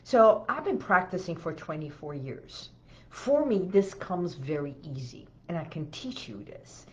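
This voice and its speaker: In a lo-fi recording, a middle-aged hypnotherapist speaks in a low, sing-song voice at a slightly slow pace. Her self-help talk weaves in a personal story, and she keeps asking "okay?" to check in with the listener.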